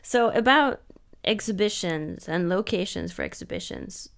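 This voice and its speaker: A woman's voice: medium pitch, lively intonation, moderate pace, creaky, fairly bright tone. A woman interviewing an artist, asking friendly questions while searching for words. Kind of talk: casual interview.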